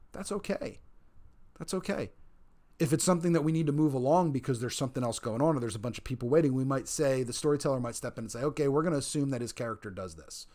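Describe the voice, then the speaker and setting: A man talks live to his stream chat in a mid-pitched, everyday voice. He rambles, stumbles through restarts, and keeps repeating his main points for emphasis. He reads viewers' messages aloud as he goes. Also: darkish tone. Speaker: streamer and storyteller of a role-play server. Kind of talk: casual livestream chat.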